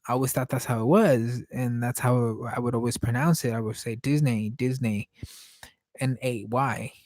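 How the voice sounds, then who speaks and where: A man's voice: mid-range voice, steady tone, a little fast, a little mellow, dry recording. Hesitant man rambling, dry sound. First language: Spanish. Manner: hesitant, searching for words, casual swearing. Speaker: podcast host painting live. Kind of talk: casual rambling monologue.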